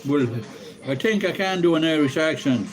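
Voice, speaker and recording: A man's voice: fairly high pitch, normal speed, low-quality recording. A man vlogging, rambling and musing aloud in casual chat while he eats. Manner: rambling, chatty, muses aloud. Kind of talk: casual chat while eating, talking to viewers. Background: music.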